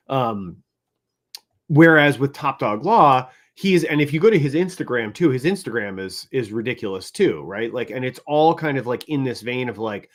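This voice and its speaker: A man's voice: mid-range voice, expressive, normal speed. Man co-hosting a talk panel, tagging points with "right?". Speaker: co-host. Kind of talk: casual panel discussion.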